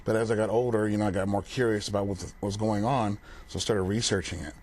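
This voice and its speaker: A man's voice: on the low side, fast talker. A young man who is a paranormal investigator, speaking as a guest in a casual TV interview, plain-spoken and full of fillers like "um" and "like". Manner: relaxed, plain-spoken, uses many fillers like "um" and "like". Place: TV studio.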